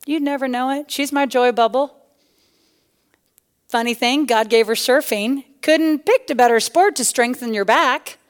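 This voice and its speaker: A middle-aged woman giving a personal testimony sermon to a women's church gathering, animated and punchy, swinging between loud bursts and hushed asides. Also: high-pitched, measured pace. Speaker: guest speaker at a women's church tea.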